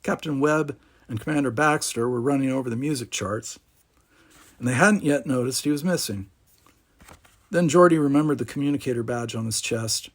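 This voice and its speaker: A man narrating a storybook aloud, animated, giving each character its own voice. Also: medium pitch, normal speed.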